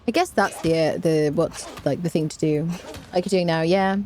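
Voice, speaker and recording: A woman's voice: deep voice, fairly even intonation, moderate pace, dark tone, faint music behind. A woman giving rambling, casual commentary while streaming a game, full of fillers and restarts.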